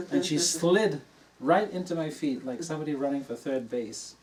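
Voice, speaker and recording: An older man, a dharma teacher, telling a personal story to an audience in a relaxed, anecdotal way and laughing at his own tale. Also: fairly high pitch, normal speed, crowd noise. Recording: distant mic in a room with faint noise.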